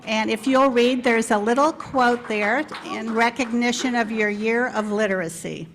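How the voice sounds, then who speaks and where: A woman's voice: fairly high pitch, normal speed, slight background noise. A woman, the incoming club president, emceeing an installation ceremony in a chatty, informal way and laughing often.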